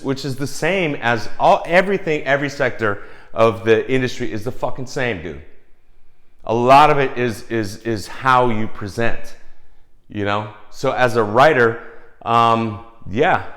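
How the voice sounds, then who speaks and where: A man's voice: medium pitch, fairly bright tone. A man who writes for the screen, talking casually and giving blunt career advice in a rambling, profane way full of fillers.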